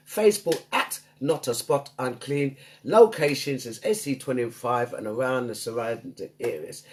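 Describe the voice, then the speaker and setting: A woman hosting a live online radio show, chatting upbeat and greeting listeners by name. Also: low voice. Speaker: radio DJ and host.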